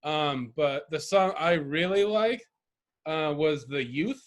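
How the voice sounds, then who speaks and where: A man's voice: fairly high pitch, expressive, takes it slowly. A man co-hosting a casual podcast chat, rambling and profane, often laughing. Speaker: podcast co-host.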